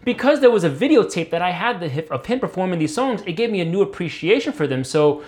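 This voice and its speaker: A man's voice: high voice, big pitch swings, fast talker, a little mellow. A man, a guitarist guest, talking loosely with many fillers and the odd curse. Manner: rambling, many fillers, swears. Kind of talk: casual interview talk.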